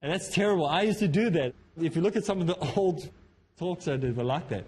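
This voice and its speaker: A man from Africa, lecturing students on public speaking in a lively way that acts out the speakers he quotes. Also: on the high side, brisk, slightly rough. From South Africa.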